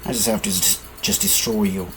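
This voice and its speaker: A man voicing a cocky male enemy pilot who talks curtly and dismissively, a little lower than his own voice. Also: steady tone, brisk, a little hiss or hum, lightly acted, low-quality recording.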